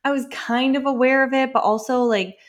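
A woman's voice: sits high, fairly even intonation, a little fast. A woman in her thirties hosting a casual solo podcast, chatty and full of "like" fillers, laughing often and a little winded. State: slightly winded. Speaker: podcast host.

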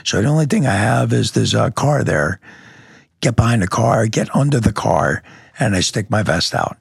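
A man's voice: on the low side, lively intonation, normal speed, vocal fry, breathy edge, no room sound, studio quality. A police lieutenant telling his story step by step in a podcast interview, vivid and blunt, with sound effects and the odd curse.

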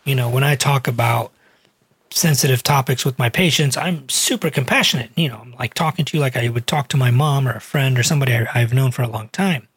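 A man's voice: mid-range voice, fairly quick, breathy edge, dry recording, clean studio sound. A man who is a cardiologist and weight loss doctor, telling a patient story in a chatty, earnest podcast manner. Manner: earnest, chatty, many fillers.

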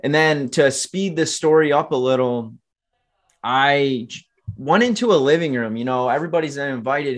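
In a candid storytelling interview, a twenty-something podcast guest recounts his life with earnest, motivational energy. His voice is medium-pitched and moderately paced, and he frequently addresses listeners.

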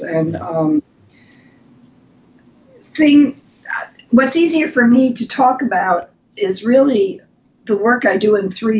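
An older woman, a designer and guest on an interview podcast, telling lively stories about her career with frequent restarts. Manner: animated storytelling with restarts. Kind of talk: conversational interview. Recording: lo-fi with faint rumble.

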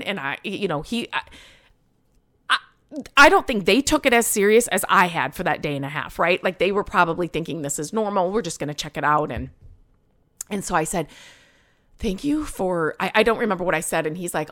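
A woman's voice: fairly low pitch, expressive, normal speed, fairly bright tone. A woman hosting a podcast, telling a personal story in a rambling, emotional way with many fillers. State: choked up at times. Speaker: podcast host.

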